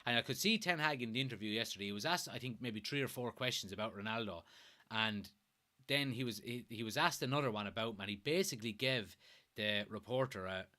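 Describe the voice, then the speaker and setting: A man's voice: on the low side, a little fast, pushed and bright. A man in his late twenties with an Irish accent from Kilkenny, hosting a fan live stream, reading viewer comments in a chatty way and swearing casually. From Ireland.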